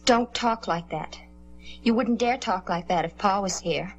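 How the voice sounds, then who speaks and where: A woman's voice: on the high side, expressive, measured pace, a bit bright, faint music behind. An actress playing a troubled teenage girl in a 1950s television drama, pleading and insisting on her innocence. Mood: defensive, pleading. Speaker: daughter accused of starting fires.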